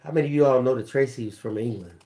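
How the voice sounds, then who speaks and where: A man's voice: mid-range voice, fast talker. A man co-hosting a live craft stream, casually chatting and reading out viewer comments with jokes. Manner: animated, reads comments aloud, jokey.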